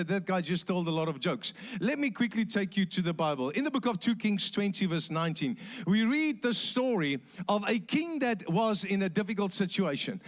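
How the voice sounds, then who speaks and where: A man with a South African accent preaching a sermon in church, telling jokes and acting out voices in his stories. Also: sits high. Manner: animated storytelling with acted voices and jokes.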